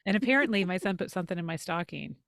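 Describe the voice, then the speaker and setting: A woman co-hosting a podcast, telling stories in animated casual chat and jumping up in pitch when she quotes herself. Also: very fast, vocal fry. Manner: animated storyteller, jumps high when quoting herself. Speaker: podcast co-host.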